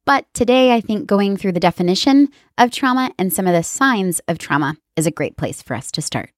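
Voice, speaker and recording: A woman's voice: medium pitch, expressive, a little fast, no room sound, clean studio sound. A woman therapist hosting an educational podcast, explaining earnestly and speaking straight to her listeners.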